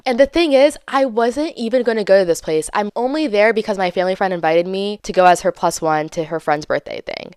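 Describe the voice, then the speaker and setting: A young woman hosting a podcast, telling a dating story in a casual, animated way and acting out her own and others' lines with playful voices. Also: medium pitch, brisk, clean tone, no room sound, studio quality, faint music behind. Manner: animated, dramatic, acts out quotes with exaggerated voices. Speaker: podcast host.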